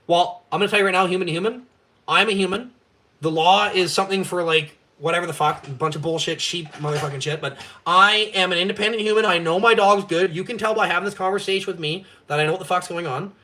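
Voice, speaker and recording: A man's voice: sits high, steady tone, fast, sharp tone. A young man from Canada hosting a live stream, ranting in a blunt, profane, fired-up way. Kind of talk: ranting casual chat.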